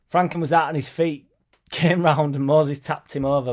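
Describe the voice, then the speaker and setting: A man's voice: fairly high pitch, normal speed, darkish tone. A man hosting a casual football fan live stream, reading viewer comments aloud and answering them in a chatty way. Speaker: fan channel host reading live chat.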